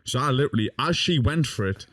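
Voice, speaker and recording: A man's voice: mid-range voice, expressive, fast, fairly bright tone, no room sound. A young man telling a rowdy story in casual podcast chat, swearing constantly and laughing as he goes. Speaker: podcast guest.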